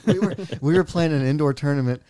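A man telling a funny story in casual chat, laughing often and throwing in quick asides. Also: on the high side, dark tone, no room sound.

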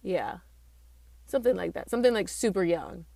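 A woman in her late twenties hosting a casual solo podcast, chatty and playful, joking at herself with quick asides, recorded in a small home studio room. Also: medium pitch, vocal fry, a little mellow, dry recording. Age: late 20s. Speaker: podcast host.

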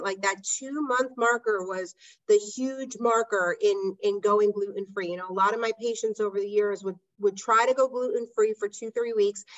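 A woman with a somewhat high voice talks casually through her personal story, stopping often to check in with the listener with a "right?". The audio is a little dull and lo-fi. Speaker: podcast host and health practitioner.

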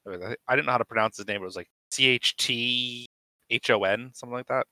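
A man's voice: mid-range voice, fast talker, pushed and bright, dry recording. A man co-hosting a podcast, chatting casually and eagerly, with lots of filler words. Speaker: podcast co-host.

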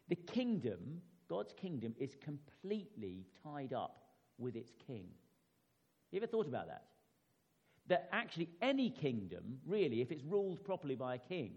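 A man's voice: a little high, a little mellow. A man preaching a sermon in a conversational way, often tossing rhetorical questions to his congregation. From England. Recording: reverberant hall, slightly dull sound.

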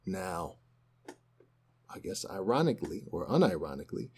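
A man's voice: lowish voice, lively intonation, normal speed, a little mellow. A man co-hosting a podcast, casually retelling a news story and acting out the quotes. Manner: conversational storytelling, acts out quotes. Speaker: podcast co-host.

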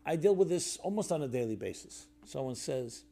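A man delivers a reflective, sermon-like talk in a mellow, fairly high voice. He speaks conversationally, with fillers and restarts, and goes soft and low when he tells a story. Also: lively intonation, a little fast, creaky, few pauses.

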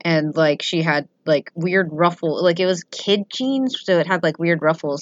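A woman's voice: on the low side, normal speed, hardly any pauses, no echo. A young woman in casual chat, telling rambling anecdotes full of fillers and acting out what people said. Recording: dry, slightly muffled audio.

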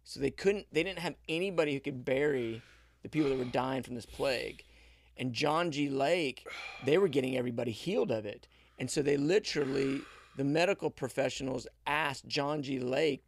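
A man's voice: mid-range voice, a little fast, gravelly, dry recording. A man in casual faith conversation, chiming in eagerly and retelling a story with many restarts.

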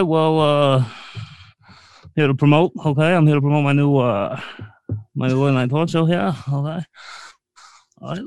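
A man's voice: a little high, gravelly, no echo, low-quality recording. A man playing a fumbling late-night talk show host who halts and tacks "okay" onto nearly every phrase. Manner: breaks into off-key song snippets. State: short of breath. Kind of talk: comedy bit.

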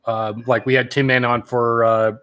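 A man's voice: medium pitch, little pitch movement, normal speed, a bit bright, clear, resonant tone. A man co-hosting a casual podcast, laid-back and chatty, with plenty of filler words. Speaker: podcast co-host.

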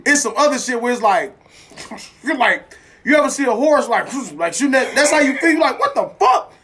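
A man's voice: very high voice, animated, fairly quick, bright, forceful tone. A man co-hosting a casual chat, telling stories animatedly with crude slang and frequent laughter.

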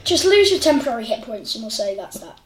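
A woman narrating as game master of a tabletop game, playful and quick to slip into character voices. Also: on the high side, sing-song. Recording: roomy sound with faint music.

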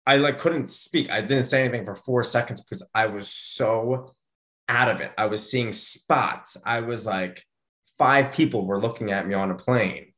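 Speaking at a moderate pace, this thirty-something podcast host narrates a story in a relaxed conversation. He's animated throughout and voices the quotes with big swings in pitch.

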